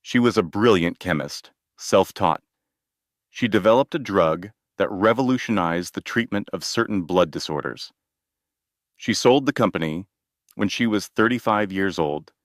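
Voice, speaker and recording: A composed male estate attorney lays out the facts in a measured, formal and gentle manner, as a narrator voices him. The voice sits low and sounds close and dry. This is audiobook-style drama reading. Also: animated, dry recording.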